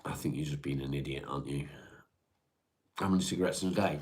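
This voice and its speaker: A man's voice: very deep voice, fast, darkish tone. A man, casually chatting on a livestream, reading and answering viewer comments in a laid-back way, sighing and humming to himself between them. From North West England. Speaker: livestream host. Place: at home.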